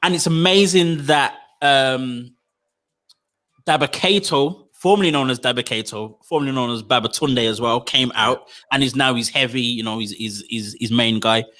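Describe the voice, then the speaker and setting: A man co-hosting a casual review chat, animated and slangy, often stammering as he restarts his sentences. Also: medium pitch, moderate pace. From United Kingdom. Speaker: podcast co-host.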